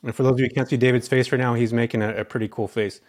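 A man's voice: medium pitch, little pitch movement, darkish tone. A man talking casually as an interview guest, a chatty storyteller from California. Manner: fast, chatty storyteller with many fillers. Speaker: guest, real estate investor.

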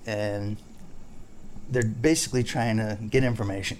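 A man's voice: medium pitch, fairly quick, a little hiss or hum. A man who is a fishing guide, hosting a casual podcast chat and rambling through jokes and stories. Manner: rambling, joking, storytelling.

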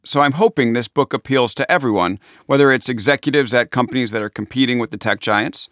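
A man's voice: medium pitch, fairly quick, a bit bright, no room sound, clean studio sound. A man with a Long Island accent, an author chatting casually and self-deprecatingly about his book in interview answers.

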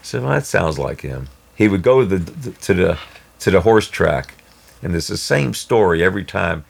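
A man telling a personal story in a rambling, halting way with many restarts. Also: sits low, lively intonation, creaky. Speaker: storyteller guest. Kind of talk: casual spoken storytelling.

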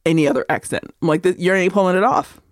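A woman co-hosting a podcast in casual chat, profane and quick to laugh. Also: on the low side, no room sound, clean studio sound. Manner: profane, animated, laughing often. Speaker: podcast co-host.

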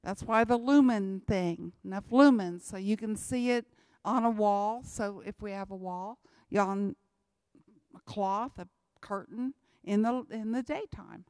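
A woman's voice: medium pitch, measured pace, a little mellow, dry recording, studio quality. A woman, giving an emphatic church talk about mission work and repeating her key lines. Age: 60s. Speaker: missionary speaker.

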